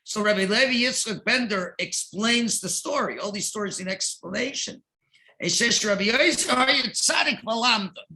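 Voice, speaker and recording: A man's voice: high-pitched, moderate pace, pushed and bright. A man teaching a Torah class as a rabbi, reading Hebrew lines and translating them, now and then raising his voice for emphasis. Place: synagogue.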